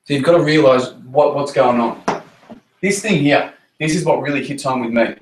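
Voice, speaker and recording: A man's voice: medium pitch, moderate pace, background noise. A man giving a blunt, swearing motivational talk to his team in a meeting room, hammering points with repetition. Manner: blunt, repetitive, swears freely, punchy emphasis. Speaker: network marketing team leader. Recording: roomy echo.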